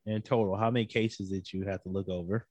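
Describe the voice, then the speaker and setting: A man's voice: deep voice, level tone, quick pace, a little mellow, dry recording. Playful guy hosting a podcast, dry close mic, kidding around. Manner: joking, playful, teasing. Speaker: podcast host. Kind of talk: casual chat.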